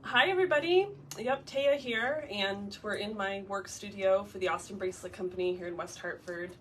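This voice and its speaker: A woman co-hosts a casual live stream, her voice stuffy and nasal from a head cold. She chats in a friendly way at a middling pitch. She is heard from a distance, with faint room noise behind her. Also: moderate pace. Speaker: co-host. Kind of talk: casual live video chat. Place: work studio.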